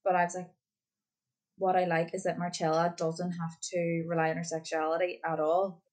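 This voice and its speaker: A woman in casual chat, talking in a relaxed, rambling way with many restarts. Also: fairly low pitch, moderate pace.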